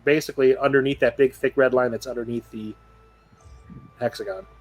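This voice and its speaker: A man's voice: medium pitch, fairly even intonation, brisk, crowd noise. A man running a tabletop game as game master, describing scenes in a loose, rambling way.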